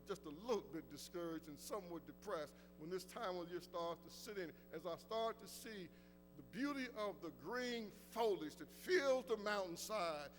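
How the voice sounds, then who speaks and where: A man preaching a sermon as pastor, reading scripture slowly and deliberately, his voice swelling for emphasis and sinking low at the ends of phrases. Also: a bit bright, big-room sound, slight background noise.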